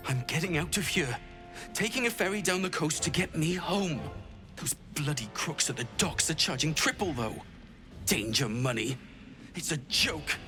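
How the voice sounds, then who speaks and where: A man's voice: fairly high pitch, animated, moderate pace, natural voice. An actor playing a frightened young male soldier deserter who pleads and stammers nervously, in game dialogue. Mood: fearful. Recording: game audio with music behind.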